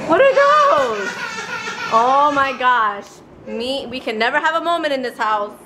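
A young woman chatting casually to her camera in a home vlog, bubbly and giggly and quick to gush. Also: sits high. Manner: bubbly, giggly, easily gushing. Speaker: vlogger. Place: at home, later in a car. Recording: noisy background hum.

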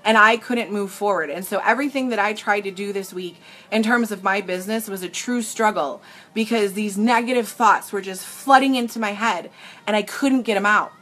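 A young woman selling makeup on a live stream talks to her viewers with real emotion and earnestness, often restarting her sentences. Her voice is mid-range and fairly bright, at a moderate pace, picked up by a tablet mic.

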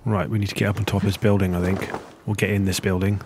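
A man's voice: flat delivery, fast, background noise. A man giving casual let's play commentary, muttering to himself with sudden yelps of surprise. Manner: chatty, muttering to himself, sudden high-pitched exclamations. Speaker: gameplay commentator.

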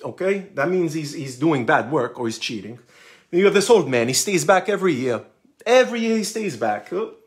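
A man's voice: on the high side, very animated, fairly quick. A man reading a children's picture book aloud on a live stream, joking between the pages and slipping in words. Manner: playful, jokey asides, slips into Portuguese words.

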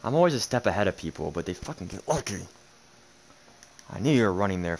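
A young man talks over his own football video game as he plays it, with a low voice. He mutters sarcastic remarks and curses in frustration at his opponent. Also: big pitch swings, quick pace, creaky, long pauses, a little hiss or hum. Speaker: gaming streamer. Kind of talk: live game commentary.

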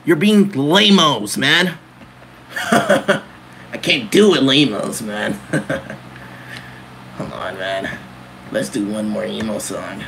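A man's voice: fairly low pitch, extremely slow, gravelly, pauses often, fairly bright tone, slight background noise. A young man livestreaming in a joking emo persona, full of mock-teen slang and frequent laughter.

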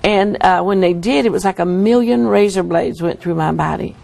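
Gravelly woman telling a vivid testimony. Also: fairly low pitch, normal speed, a little mellow. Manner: earnest, vivid storytelling. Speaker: guest. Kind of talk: testimony interview.

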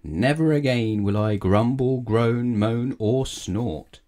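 A man reads a sour, complaining storybook character who grumbles at everything, gruff and low. The voice sits deep and mellow, moaning rather than shouting. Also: measured pace. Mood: pleading. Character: grouchy complaining grown man, always moaning. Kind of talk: storybook read-aloud.

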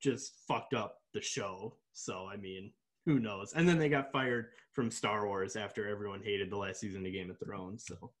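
A man's voice: on the low side, moderate pace. A young man co-hosting a casual podcast chat, talking loosely with lots of fillers and frequent laughs. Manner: laughs often, chatty with many fillers. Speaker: podcast co-host.

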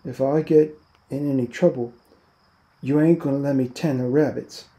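A man's voice: medium pitch, fairly even intonation, normal speed, mellow, lightly acted. A man reading aloud, voicing a big, childlike farmhand who speaks timidly and plaintively.

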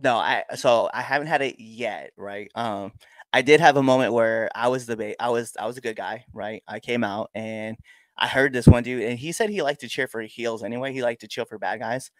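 Young male wrestler guest, lively storyteller, dry close mic. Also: fairly quick, no room sound. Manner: animated storyteller, acts out crowd exchanges with big pitch jumps. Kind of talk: casual storytelling interview.

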